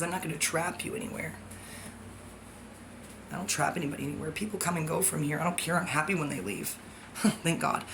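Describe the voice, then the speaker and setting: A woman's voice: low voice, gravelly, background noise. A woman vlogger talking to camera in a rambling, profane, sardonic monologue.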